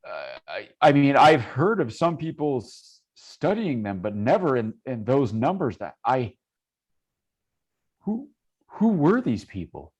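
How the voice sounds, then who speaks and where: A cautious, professional woman aboard a ship, as a man game master voices her in a tabletop game. She speaks slowly and politely, stopping and restarting often, with a mid-pitched voice. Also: big pitch swings, a little mellow, slightly rough, highs cut off. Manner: hesitant, polite, halting. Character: wary, professional young woman sailor.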